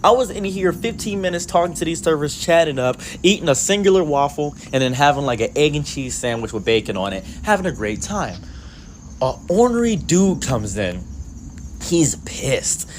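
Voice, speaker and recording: A young man telling a story in a casual, animated, rambling way with lots of fillers. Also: on the high side, normal speed, a little hiss or hum.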